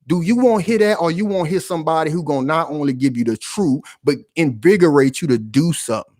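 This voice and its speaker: A man's voice: on the high side, quick pace, dry recording, clean studio sound. A man hosting his own channel, delivering heated, emphatic commentary full of slang and rhetorical questions. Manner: loud, emphatic, confrontational.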